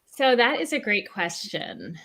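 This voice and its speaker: A woman's voice: medium pitch, huge pitch swings, unhurried, creaky, a bit bright. A woman from New Jersey, an author answering questions at a livestreamed book event, talking with many fillers and restarts over a video call. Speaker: author being interviewed.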